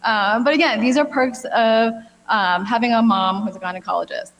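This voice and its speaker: A woman in her thirties gives a friendly, chatty talk as a gynecologic cancer doctor. Her voice sits fairly high and she pads her sentences with easy fillers. A long reverb trails behind her words in a large hall. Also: fairly even intonation, moderate pace, fairly bright tone. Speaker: gynecologic oncologist giving a talk. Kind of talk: health expo presentation.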